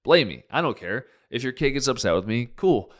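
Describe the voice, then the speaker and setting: A man's voice: medium pitch, sing-song, brisk. A man hosting his own show as a naturopathic doctor, ranting in a fired-up way, swearing freely and jumping from point to point. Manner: jumps between topics, many restarts. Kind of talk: podcast monologue.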